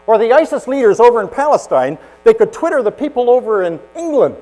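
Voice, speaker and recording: Animated male preacher telling stories. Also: very high voice, fast talker, hardly any pauses, low-quality recording. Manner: dramatic, swinging from loud emphasis to hushed asides. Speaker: pastor. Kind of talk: storytelling sermon.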